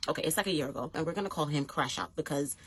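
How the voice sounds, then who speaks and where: A husky, low-pitched woman tells a get-ready-with-me story time. She speaks emphatically, addressing viewers directly. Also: racing, a bit bright, no echo. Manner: emphatic, talks straight to viewers.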